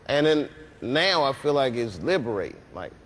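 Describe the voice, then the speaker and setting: A middle-aged man, a comedian guest on a talk show, telling animated stories, laughing often and acting out voices. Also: medium pitch, normal speed. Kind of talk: talk show interview storytelling.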